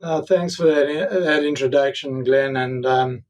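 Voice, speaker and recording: A man's voice: medium pitch, a little slow, darkish tone, recorded from a distance, low-quality recording. A man with a South African accent, an orthodontist guest on a podcast, speaking reflectively with many fillers. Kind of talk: podcast interview.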